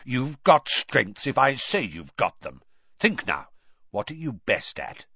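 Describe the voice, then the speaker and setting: A man voicing a gruff, blunt old male wizard teacher who growls his words. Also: medium pitch, sing-song, slow, sharp tone, dry recording, highs cut off, heavily acted.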